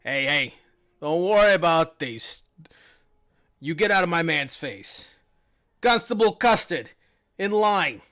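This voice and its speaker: A man voicing a blustering, suspicious male town constable who talks gruff and streetwise. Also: a little high, animated, slow, long pauses, fairly bright tone. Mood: aggressive, bullying. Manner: gruff, bullying, streetwise talk.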